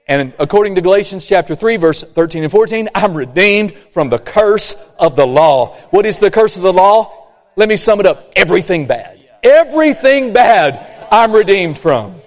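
A man preaching a sermon, folksy and animated, acting out complainers. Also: high-pitched. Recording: long hall reverb.

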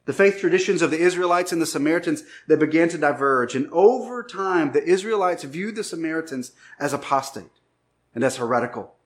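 A male pastor preaching a sermon, telling a personal story with lively, acted-out dialogue before turning to scripture. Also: a little high, fairly quick. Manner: animated storytelling, acts out shouted lines.

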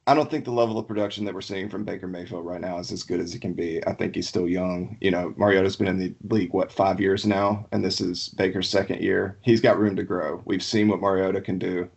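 A man from Alabama with a low voice and a gravelly edge to it. He talks as a podcast guest in a loose, rambling way, chuckling as he goes. His speech drifts along in a relaxed, unhurried way. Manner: laid-back, rambling, laughs easily. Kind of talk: casual chat.

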